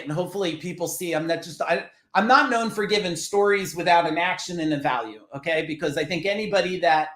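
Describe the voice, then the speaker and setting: Animated, profane New man. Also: a little high, echoey room. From New Jersey. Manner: animated, profane, acts out quoted voices. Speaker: podcast guest, business coach. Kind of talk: casual interview storytelling.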